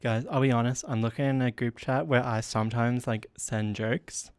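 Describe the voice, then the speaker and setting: A man's voice: medium pitch, steady tone, normal speed, darkish tone, smooth, no echo, studio quality. A man hosting a solo comedy podcast, rambling and self-deprecating with lots of fillers and a stuffy nose. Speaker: podcast host.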